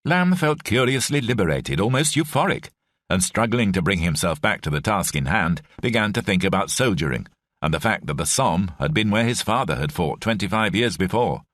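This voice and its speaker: A man reading an audiobook in measured, expressive scripted narration. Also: fairly low pitch, dry recording, clean studio sound.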